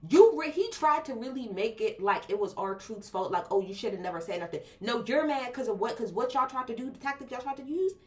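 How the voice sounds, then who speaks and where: A woman's voice: high-pitched, animated, brisk, few pauses, darkish tone. A woman reviewing a wrestling show in a casual, blunt and profane video rant, full of slang.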